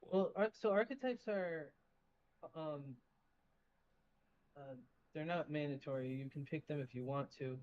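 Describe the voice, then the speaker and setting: A man's voice: on the high side, unhurried, long pauses, highs cut off. A man running a tabletop game who explains rules casually, with many fillers and restarts. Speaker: game master.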